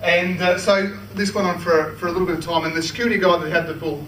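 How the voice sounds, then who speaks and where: An Australian man speaks at a club meeting, telling a funny personal story in a chatty style, often restarting and laughing. His voice sits high and steady, fairly bright, and he talks quickly. The audio comes from a roomy meeting hall, picked up from a distance, with noise.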